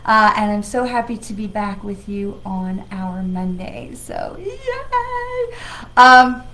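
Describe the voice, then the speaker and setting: A woman's voice: mid-range voice, fairly even intonation, measured pace, sharp tone, rough recording. A woman hosting a weekly livestream as a psychic medium, talking in a chatty, rambling, enthusiastic way with an occasional cough from travel. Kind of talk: casual livestream talk.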